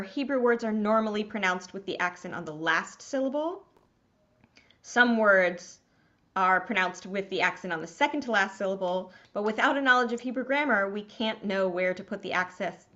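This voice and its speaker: A woman's voice: mid-range voice, fairly bright tone, lo-fi sound. A woman rabbi teaching a small class to read Hebrew, patient and encouraging.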